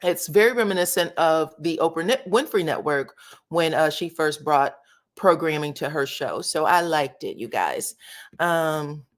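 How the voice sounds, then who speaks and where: A woman's voice: sits low, animated, measured pace. A woman hosting a casual live stream, chatting with viewers and thanking subscribers as she reviews a new show. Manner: chatty, addresses viewers as y'all and child. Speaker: livestream host of reality show commentary.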